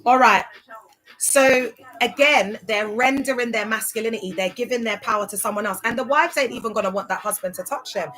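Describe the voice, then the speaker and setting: A woman's voice: fairly high pitch, brisk, a bit bright, low-quality recording. A young woman hosting a casual livestream, telling her story in an emphatic, chatty way and often checking that listeners follow. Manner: chatty, emphatic, keeps asking "do you get it?". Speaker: livestream host.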